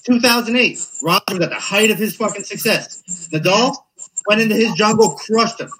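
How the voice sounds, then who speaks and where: Husky man arguing sports, high-pitched. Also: fairly quick, bright, forceful tone, poor audio. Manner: argumentative, talks over the other, repeats points. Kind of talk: heated sports debate.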